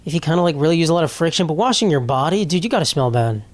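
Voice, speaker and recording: A man's voice: on the high side, animated, very fast, dry recording. A young man hosting a casual solo podcast, rambling and profane, laughing as he reads posts aloud. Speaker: podcast host.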